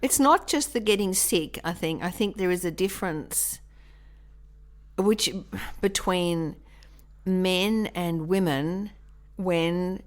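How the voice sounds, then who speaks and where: A woman's voice: lowish voice, slow pace. A woman, co-hosting a podcast and telling a long everyday story in casual, rambling chat. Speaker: podcast co-host.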